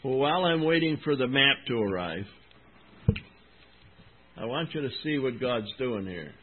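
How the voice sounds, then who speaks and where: A man's voice: mid-range voice, expressive, moderate pace, phone-quality sound. A man preaching a sermon in an earnest, emphatic way, asking his congregation questions as he goes. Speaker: pastor.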